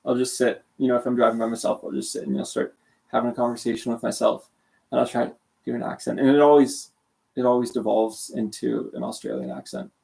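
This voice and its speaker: An animated young streamer from Calgary, Canada speaks fast in a creaky, darkish mid-range voice with a breathy edge. He rambles casually and self-deprecatingly on his livestream, sounding sleepy and nursing a sore throat.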